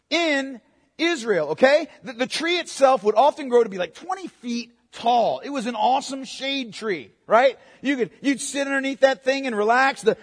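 High-voiced man preaching in a reverberant hall. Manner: conversational preaching with frequent "okay?" check-ins. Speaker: pastor. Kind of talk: sermon. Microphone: microphone.

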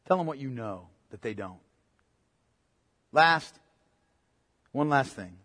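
A man preaching a sermon as pastor, impassioned, swinging between loud outbursts and low, quiet emphasis. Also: expressive, takes it slowly. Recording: long hall reverb.

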